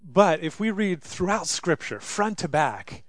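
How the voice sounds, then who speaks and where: Male pastor, high voice, dry close sound, animated sermon delivery with dramatized quotes. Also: a little slow, no echo. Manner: animated, dramatizes scripture voices, rising loudly for emphasis.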